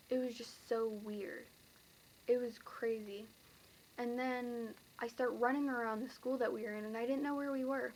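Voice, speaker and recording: A woman's voice: fairly high pitch, steady tone, a little slow, slight background noise, rough recording. A teenage girl casually recounting a dream to camera, rambling and full of fillers. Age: teens. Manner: rambling, filler-heavy, breathless retelling.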